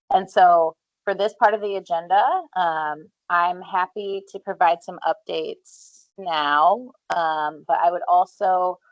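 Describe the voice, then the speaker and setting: A woman presenting an annual update at a public commission meeting, measured and explanatory with frequent fillers. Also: low-pitched, vocal fry, dry recording, dull audio. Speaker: clean water division manager presenting at a public meeting.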